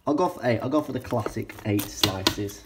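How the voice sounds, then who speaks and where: A man's voice: lowish voice, normal speed, heavy background noise. A young man, a student with a cold, chatting and rambling casually in his bedroom in a student house, swearing freely as he talks to the camera. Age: young adult. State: has a cold. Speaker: student vlogger. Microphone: camera held while talking.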